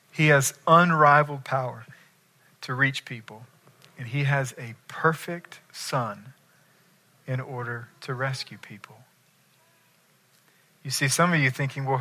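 Delivering a sermon in a sharp, medium-pitched voice, this pastor speaks emphatically. He keeps asking questions of the congregation listening to him.

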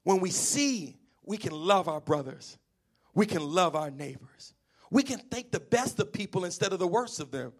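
A man preaching a sermon, animated and emphatic, calling on the congregation to answer back and sometimes half-singing his lines. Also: sits high, moderate pace. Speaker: pastor.

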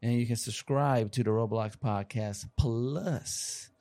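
A young man co-hosting a casual podcast, talking in an easygoing, rambling way with frequent pauses. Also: medium pitch, mellow, no room sound. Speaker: podcast co-host.

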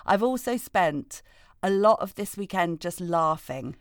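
Chatty, animated woman podcast co-host. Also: fairly low pitch, a little slow, smooth, no echo, clean studio sound. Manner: chatty and animated, laughing often. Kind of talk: casual chat. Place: West Wales.

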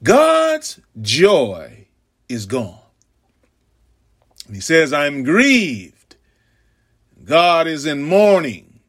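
A male preacher delivers a sermon in a high voice that leaps all over the scale. He takes his time, drawing out each phrase, then drops from loud cries to near whispers. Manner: dramatic swings from loud cries to hushed whispers; slow, drawn-out preaching cadence.

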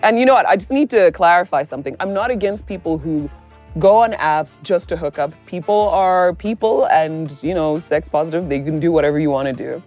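A woman's voice: lowish voice, brisk, faint music behind. A woman hosting a casual chat, telling a dating story with lots of laughter and acted-out voices. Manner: animated, laughing, acts out voices in her story. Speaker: podcast host.

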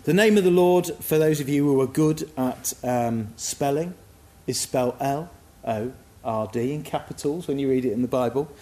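A man's voice: mid-range voice, normal speed, warm tone, reverberant. A man giving a sermon in a reflective, musing, conversational way. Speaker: preacher.

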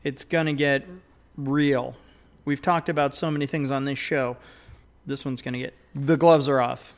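A man's voice: medium pitch, fairly even intonation, normal speed. A man co-hosting a podcast in casual, rambling talk, theatrical and self-mocking, with plenty of fillers and mild swearing. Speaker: podcast co-host.

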